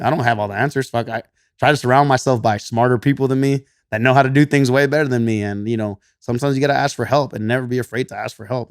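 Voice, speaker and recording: A man's voice: medium pitch, gravelly, dry recording, clean studio sound. A man with a Texan twang casually telling a story as a podcast guest, laughing often and swearing. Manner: laughs often, swears, quotes himself in animated voices. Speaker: podcast guest, gym coach.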